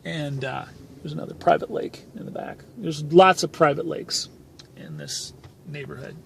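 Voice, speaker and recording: A man with a slightly higher voice tells a motivational story outdoors as he moves through a neighborhood. He talks emphatically and rambles, stopping often on "and, uh". Faint outdoor ambience sits under his handheld camera recording. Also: sing-song, moderate pace, creaky, fairly bright tone, a little hiss or hum. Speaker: motivational channel host. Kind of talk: personal story told while touring a neighborhood. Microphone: handheld camera filming as he goes.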